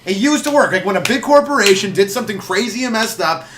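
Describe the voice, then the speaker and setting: A young man co-hosts a casual comedy show, rambling through odd facts and laughing as he goes. His voice sits a bit high, and faint background noise runs under the recording. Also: animated, fast talker. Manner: rambling, laughs often, jumps into silly voices. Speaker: comedy podcast co-host.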